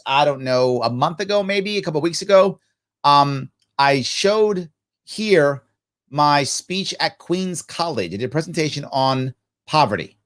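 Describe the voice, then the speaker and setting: Live show host, man, lively swooping voice on the high side, preachy rhetorical style, plays out little dialogues. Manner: animated, preachy, rhetorical questions answered himself; acts out both sides of imagined conversations. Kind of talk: live ask-me-anything talk.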